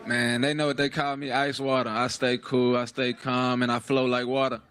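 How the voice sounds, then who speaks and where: A man, a boxer at a press event, talking trash with a calm, laid-back swagger and lots of "man" and "bro". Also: mid-range voice, moderate pace, clear, resonant tone. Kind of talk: confident trash talk. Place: press conference hall. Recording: noisy room with a loud crowd.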